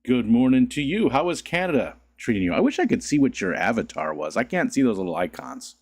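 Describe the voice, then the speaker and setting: A man's voice: very animated, fairly quick, a little mellow. A man hosting a casual livestream, just woken up, chatting with viewers and greeting them by name. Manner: rambling, greets chat, sudden squeaky voice cracks and laughs. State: just woke up. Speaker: livestream host.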